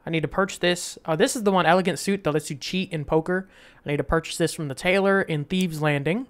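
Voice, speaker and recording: A man's voice: fairly high pitch, fairly even intonation, fast talker, clear, resonant tone. A man casually commenting while playing a game, thinking aloud with restarts. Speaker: gameplay streamer.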